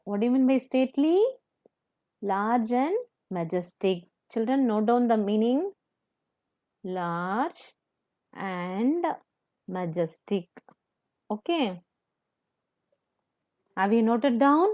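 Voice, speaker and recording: A woman teacher, explaining a children's poem slowly and patiently, repeating words and asking the class questions. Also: a little high, animated, dark tone. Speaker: primary school teacher.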